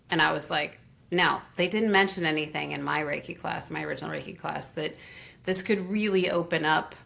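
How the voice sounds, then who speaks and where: A woman guest in an interview, telling a long personal story in a casual, animated way with frequent laughs. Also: sits low, creaky. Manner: animated, laughs often, acts out what others said. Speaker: interview guest, Reiki teacher.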